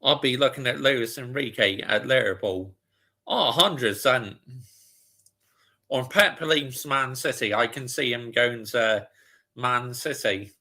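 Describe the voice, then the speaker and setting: Slow gravelly football streamer. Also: male voice, mid-range voice, sharp tone. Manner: chatty, reads out viewer comments and answers them. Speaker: watch-along streamer. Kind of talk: casual live football chat.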